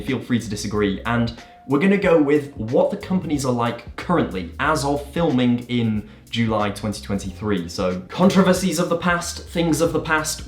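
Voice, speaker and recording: An enthusiastic man hosts his own magic channel, answering viewer questions with emphatic energy. His voice sits at an ordinary middle pitch. The recording has a noticeably roomy echo. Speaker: magician and video host.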